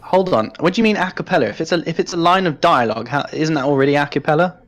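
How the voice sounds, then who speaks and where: A man casting an esports event chats and jokes with his co-caster in playful banter. His voice sits a little on the high side for a man. He speaks through a headset mic. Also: expressive, fast, fairly bright tone, rough recording. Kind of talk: casual chat between matches.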